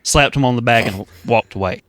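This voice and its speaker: A young man co-hosting a podcast, telling a prank story in casual chat, dry at first, then shouting and laughing. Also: mid-range voice, brisk. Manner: deadpan storyteller who breaks into shouts and laughter. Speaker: podcast co-host.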